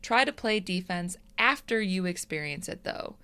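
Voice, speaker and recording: A woman co-hosting a casual podcast, teasing and quick to laugh. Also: on the low side, clean tone. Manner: lively, teasing, laughs often. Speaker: podcast co-host.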